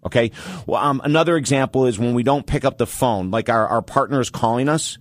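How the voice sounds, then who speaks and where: A man hosting a call-in advice show, talking in an animated, storytelling way and stressing his points through repetition. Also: mid-range voice, fairly quick, dry recording, studio quality.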